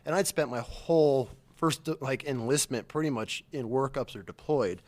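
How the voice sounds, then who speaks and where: Animated, profane man telling war stories. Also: medium pitch, moderate pace. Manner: animated, profane, slangy, acts out quotes. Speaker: podcast guest, former Marine. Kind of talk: casual storytelling.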